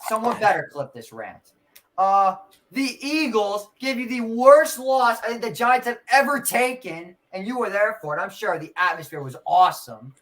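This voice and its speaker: A man's voice: high voice, animated, moderate pace, fairly bright tone. A man hosting a casual sports podcast, ranting through sarcastic trash talk about a rival team. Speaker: podcast host.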